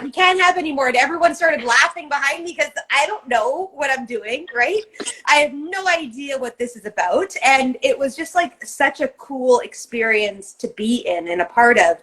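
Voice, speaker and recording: A woman's voice: on the high side, a bit bright, low-quality recording. A woman co-hosting a podcast in casual chat, telling a long personal story in a rambling, emphatic way and swearing often. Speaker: co-host.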